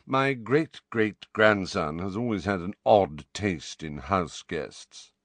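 A man's voice: sits low, slow pace, a bit bright, no echo, heavily acted. A man reading an audiobook and voicing a reedy old wizard in a portrait who drawls in a bored, fake-weary way.

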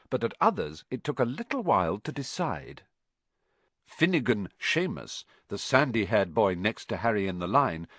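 A man narrating an audiobook with lively, animated delivery, his pitch rising and falling a lot. The recording is dry and close, with no room sound. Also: no echo. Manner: expressive, animated storytelling.

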